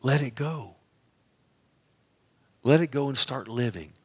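A man's voice: mid-range voice, animated, slow pace, husky. A middle-aged male pastor preaching a sermon, emphatic and often asking his listeners questions. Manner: emphatic, asks the congregation questions.

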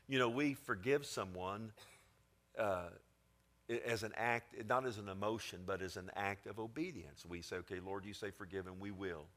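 A male preacher giving a sermon, swinging between quiet, low passages and emphatic ones, often calling for amens. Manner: asks the congregation for amens.

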